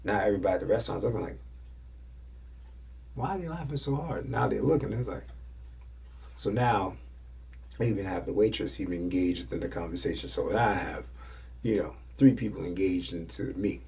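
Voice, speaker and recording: Gravelly husky guy on a podcast, telling a story, acting out everybody's lines. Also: deep voice, a little fast. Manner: animated storytelling, acts out quotes. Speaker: podcast host.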